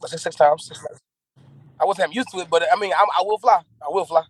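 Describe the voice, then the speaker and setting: Guy calling in from his car, kinda high voice, grateful and laughing a lot. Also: a little fast, breathy edge, no room sound, poor audio. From North Carolina. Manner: grateful, excitable, laughing often. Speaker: rapper, guest. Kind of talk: casual interview. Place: in a moving car.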